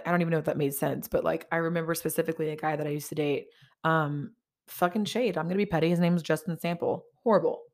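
A woman hosting a podcast in casual confessional chat, rambling and candid with lots of swearing and self-mocking asides. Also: low-pitched. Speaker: podcast host.

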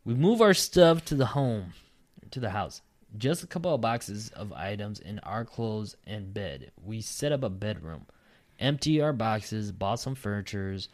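A man's voice: lowish voice, lively intonation, measured pace. A man hosting a casual podcast, reading a listener's story aloud and breaking off for profane, joking asides. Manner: profane, laughing asides between read lines.

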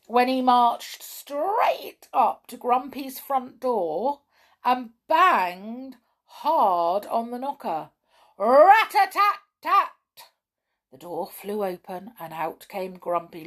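A woman reading a children's story aloud in an animated way, with chatty asides. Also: a little high.

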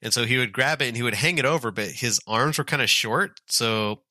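A man co-hosting a podcast, telling animated stories in casual chat. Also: medium pitch, brisk, no echo. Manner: animated storyteller. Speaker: podcast co-host.

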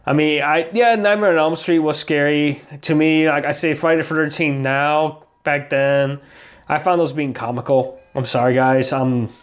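A man's voice: on the high side, steady tone, moderate pace. A man in casual podcast chat, rambling with plenty of fillers and restarts. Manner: rambling, filler-heavy, hesitant. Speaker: podcast co-host.

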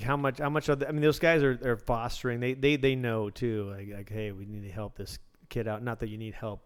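Man, interview host, clear smooth voice, mid pitch, rambling casual questions. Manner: rambling, restarts questions, enthusiastic. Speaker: podcast host.

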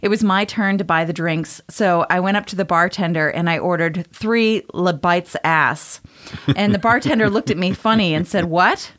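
Lower-voiced woman podcast co-host. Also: brisk, few pauses. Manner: animated, laughs often while telling stories. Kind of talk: casual chat, storytelling.

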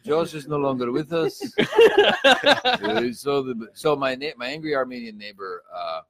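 A man telling a story in casual chat, animated and profane. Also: medium pitch, measured pace, gravelly.

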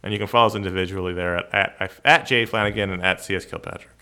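Podcast co-host, male, bright forward tone, loose rambling delivery. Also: low-pitched, steady tone, rapid-fire, smooth. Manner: self-deprecating, rambling with restarts. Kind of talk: casual chat.

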